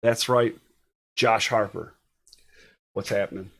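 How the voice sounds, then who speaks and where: A man's voice: fairly low pitch, fairly even intonation, takes it slowly, fairly bright tone. A man hosting a live online show, chatting casually and laughing easily with his guest. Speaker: host. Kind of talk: casual live-stream chat.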